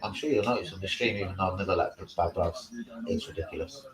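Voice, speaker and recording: A man's voice: low voice, quick pace, a crowd in the background. A man, rambling and swearing in casual live-stream chat as the host. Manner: rambling, slangy, swears a lot. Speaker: livestream host. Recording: echoey room.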